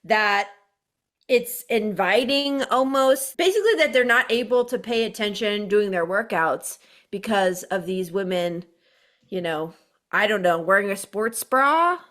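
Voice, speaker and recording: Bright, animated woman co-host; giggly, quick casual banter. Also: mid-range voice. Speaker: podcast co-host. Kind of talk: casual chat.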